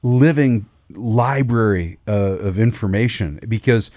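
A man who is a pastor, talking things through in casual chat, pausing and restarting as he reasons. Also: fairly low pitch, darkish tone, no echo. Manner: thoughtful, restarts and stretches words while reasoning.

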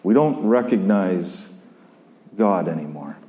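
A man preaching a sermon and reading scripture, reflective and conversational, pausing and repeating himself as he thinks aloud. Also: sits low, expressive, dark tone. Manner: reflective, conversational, with pauses and repetitions. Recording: long hall reverb.

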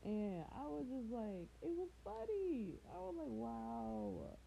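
Giggly, animated woman podcast co-host. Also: high-pitched, moderate pace, gravelly, a little hiss or hum, poor audio. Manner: giggly, animated storyteller, swears freely. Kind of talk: casual chat.

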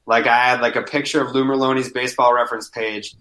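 A man chatting casually as a podcast guest, telling animated stories, swearing freely and saying "like" constantly. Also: medium pitch, fast. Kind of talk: casual chat, storytelling.

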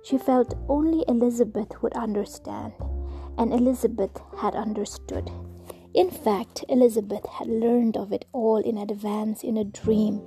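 A woman storyteller whispering her way through a narrative, each line soft and hushed. Her voice is slightly high yet very dark and mellow, unhurried, with faint music underneath. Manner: soft, slow whispered reading.

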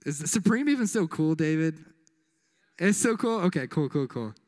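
A man's voice: a little high, very animated, moderate pace, a little mellow. A young man preaching a casual, joking sermon as youth pastor, full of slang and asides. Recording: echoey hall.

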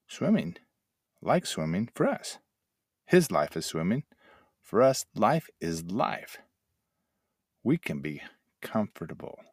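A man's voice: deep voice, dry recording, clean studio sound. An older man hosting a motivational talk, telling folksy stories and acting out little sound effects. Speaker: host and addiction mentor trainer.

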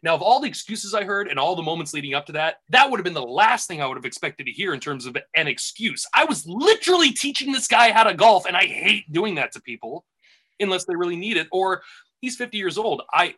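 Man, casual podcast chat, rambling storyteller, bright tone. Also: high voice, fast, slightly rough. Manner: rambling, animated storyteller with many restarts. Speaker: podcast host and golf caddy.

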